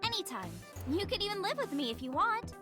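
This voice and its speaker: A bubbly young woman in a game, her voice high and bouncing all over with eager questions. Game music plays loudly behind her. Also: sing-song, brisk. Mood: cheerful. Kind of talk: game voice acting.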